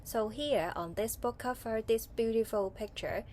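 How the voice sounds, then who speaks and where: A woman's voice: fairly high pitch, measured pace, a little mellow, slight background noise. A woman with a Hong Kong English accent teaching a children's online English reading lesson, patient and asking questions. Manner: patient, asks questions and waits.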